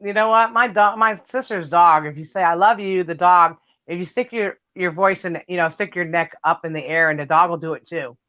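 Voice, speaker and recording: A middle-aged woman with a loud, brash voice, chatting casually on a livestream, laughing and cussing freely. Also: on the low side, brisk, hardly any pauses, no echo, muffled recording. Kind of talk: casual chat.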